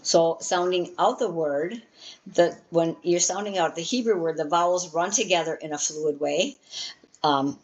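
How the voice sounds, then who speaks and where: A woman's voice: sits low, low-quality recording. A woman teaching an introductory Hebrew class in a casual, patient way, with many fillers and restarts.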